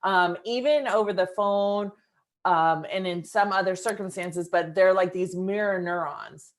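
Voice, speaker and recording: A woman in her fifties, calmly hosting a reflective coaching conversation. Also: fairly low pitch, a little slow. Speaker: coach and host.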